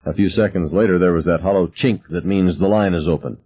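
A man narrating a novel in first person, with expressive storytelling. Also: low voice, fairly quick, breathy edge, lo-fi sound. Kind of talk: audiobook narration.

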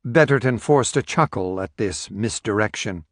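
A man reading a story aloud as audiobook narrator in a steady, measured way. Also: fairly low pitch, no room sound, clean studio sound. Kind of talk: scripted narration.

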